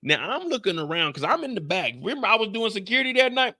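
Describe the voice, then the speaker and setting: Talking fast in a high register, a young man recaps a TV episode for his live stream chat, telling it with lively, foul-mouthed energy.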